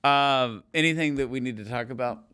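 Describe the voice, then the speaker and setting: A man's voice: medium pitch, bright, forceful tone, smooth. A young man from Texas hosting a podcast, chatting casually, teasing his co-hosts and laughing easily. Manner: teasing, joking, quick to laugh. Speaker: podcast host.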